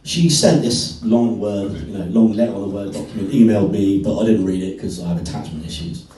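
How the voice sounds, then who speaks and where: A man's voice: sits low, brisk. A man performing stand-up comedy in a club, telling stories in a wry, self-deprecating way and chatting with the crowd. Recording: echoey club, far from mic, crowd.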